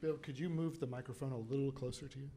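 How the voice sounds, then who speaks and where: A man moderating a book event, asking questions in a quick and halting way. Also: medium pitch, steady tone, dark tone, a little hiss or hum. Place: event hall with an audience.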